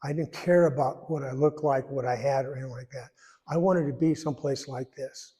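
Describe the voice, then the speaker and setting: A man in his eighties giving a personal testimony in church, rambling and folksy, pausing when emotional. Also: medium pitch, steady tone, warm tone. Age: 80s. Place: church sanctuary. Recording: echoey church hall.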